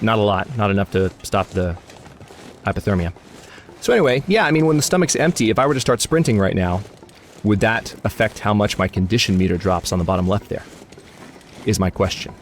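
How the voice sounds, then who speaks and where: A man's voice: on the low side, a little hiss or hum. A man hosting a let's play, rambling through gaming commentary and grumbling at the game in exasperated asides. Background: game music.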